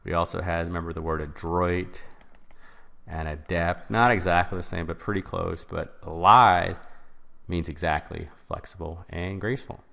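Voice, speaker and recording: Man, test-prep tutor, stresses key words, deep voice, close mic. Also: steady tone, moderate pace, vocal fry, a bit bright. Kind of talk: vocabulary lesson.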